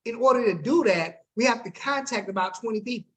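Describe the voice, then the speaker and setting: A man's voice: very high voice, animated, brisk. A man coaching his team on a group video call, upbeat and slangy, talking straight to the group and checking in with them often.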